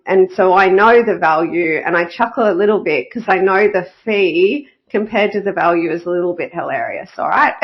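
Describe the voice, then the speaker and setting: A woman's voice: lowish voice, dull audio. A woman hosting a solo podcast in a casual, encouraging way, often tagging her points with "okay?" and "yeah?". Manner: chatty, encouraging, frequent "okay?" and "yeah?" tags. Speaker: podcast host and bookkeeping coach.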